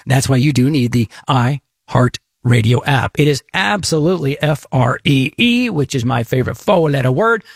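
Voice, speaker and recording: A man's voice: mid-range voice, expressive, normal speed, vocal fry, breathy edge, no room sound, clean studio sound. A man from Texas hosting a talk radio show, rambling and joking as he interrupts himself. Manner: rambling, jokey, self-interrupting. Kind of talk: casual talk radio monologue.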